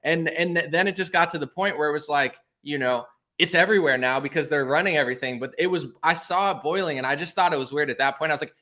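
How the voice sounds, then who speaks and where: A man's voice: on the high side, quick pace, few pauses, bright, forceful tone. A man appearing as a podcast guest over a call, rambling in casual chat with many filler words. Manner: rambling, lots of filler likes.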